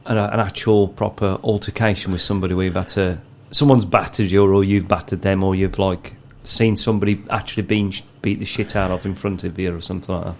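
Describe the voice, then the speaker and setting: A British man on a podcast asking his co-hosts questions in casual chat, slow and probing, restarting his sentences. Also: low-pitched, fairly even intonation, a little mellow, a little hiss or hum. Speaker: podcast co-host.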